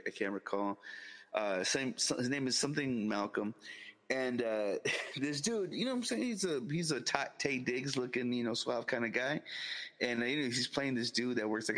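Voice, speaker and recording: A man's voice: medium pitch, a bit bright, in a large hall, rough recording. A man co-hosting a live podcast, rambling through stories with laughter and profanity. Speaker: podcast co-host. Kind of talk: casual live podcast chat.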